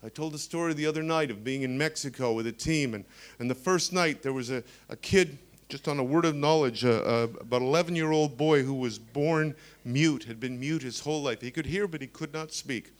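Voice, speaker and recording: A man in his sixties preaching a sermon, telling stories with humorous asides and animated emphasis. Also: mid-range voice, fairly quick.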